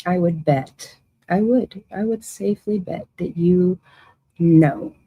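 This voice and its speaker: A woman's voice: fairly low pitch, slow pace, mellow, husky, no room sound, low-quality recording. A woman hosting a livestream who reads out viewers' comments and answers them with emotion and confrontation. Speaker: livestream host. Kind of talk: casual livestream chat reading viewer comments.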